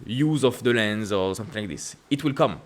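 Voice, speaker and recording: A man with a French accent hosting casual stock-market commentary, asking emphatic rhetorical questions and jumping up in pitch to stress points. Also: expressive, fairly quick. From France. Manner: emphatic, repetitive rhetorical questions with sudden upward pitch leaps. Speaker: investing channel host.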